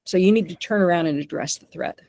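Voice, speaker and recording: A woman dog trainer teaching a webinar in an animated way. She often checks in with "okay?" and "right?". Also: lowish voice, fast talker, creaky. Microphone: remote call microphone.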